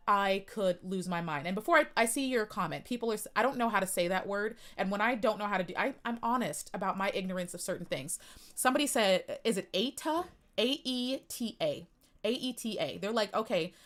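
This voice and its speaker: An upset young woman on a live stream, pouring out an impassioned rant to her viewers at a desk mic. She talks in a middle-pitched voice, near tears, with sudden swells and drops and a habit of repeating herself. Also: a bit bright. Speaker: pageant commentary streamer.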